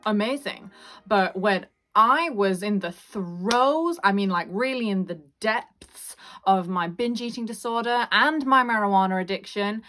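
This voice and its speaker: A woman's voice: mid-range voice, expressive, measured pace, a bit bright, soft background music. A young woman, hosting her own channel and talking frankly and earnestly, repeating phrases for emphasis. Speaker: YouTube host. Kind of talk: candid personal vlog talk.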